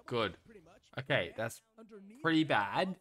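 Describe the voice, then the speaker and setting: A man at a middle pitch reacting live to a match he is watching. He talks casually and bursts into loud, exasperated rants. He swears when he gets frustrated. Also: lively intonation, slow. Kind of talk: live watch-along commentary.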